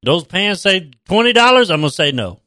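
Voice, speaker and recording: A man's voice: high voice, sing-song, a little fast, sharp tone, no room sound, studio quality. A man chatting casually on a stream, swearing a lot and laughing often. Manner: laughs often, crude and drawling. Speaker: stream co-host. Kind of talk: casual profane chat.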